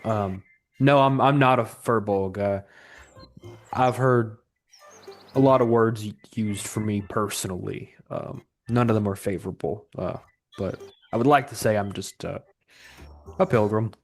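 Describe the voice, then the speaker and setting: A man playing his character in a tabletop game, hesitant and soft-spoken with repeated starts. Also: lowish voice, a little slow, long pauses, slight background noise. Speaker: player. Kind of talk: in-character role-play.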